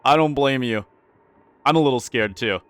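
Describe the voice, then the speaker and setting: A man's voice: mid-range voice, normal speed, smooth, no echo. A man commentating his own gameplay, talking anxiously to his characters and repeating his lines. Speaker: gaming YouTuber.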